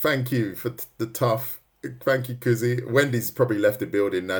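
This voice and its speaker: A man's voice: mid-range voice, normal speed. A man giving a casual, joking drawing lesson on a livestream, teasing his viewers. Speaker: art teacher.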